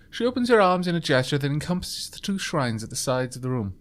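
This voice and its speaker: A man with a highish, slightly bright voice hosts a game let's play, speaking fast and very animatedly. He chats casually with plenty of ums and uhs and reads the game's dialogue out loud.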